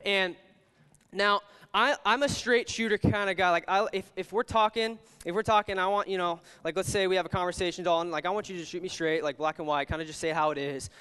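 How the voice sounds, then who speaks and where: A man's voice: high-pitched, steady tone, fast, few pauses, fairly bright tone, smooth. A young man giving a casual sermon as a youth pastor, rambling with lots of "like"s and restarts. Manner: rambling, filler-heavy, with many "like"s and restarts. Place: church hall. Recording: long reverb of a large hall.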